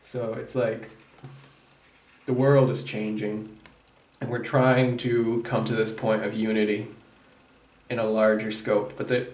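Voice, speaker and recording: A man gives an intuitive tarot reading in a searching, halting way, often breaking off and restarting. His pitch stays fairly level. He sits some distance from the microphone in a roomy, echoing space. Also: level tone, a little mellow. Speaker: tarot reader. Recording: roomy echo, distant mic.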